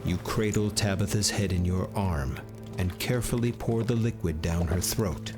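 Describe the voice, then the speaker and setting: A man giving measured second-person scripted narration for a game. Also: sits low, over music.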